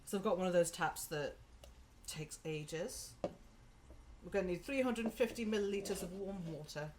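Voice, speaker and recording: A woman's voice: lowish voice, moderate pace, darkish tone. A woman hosting a live cooking stream from her home kitchen, chatting casually and giggling as she talks through each step.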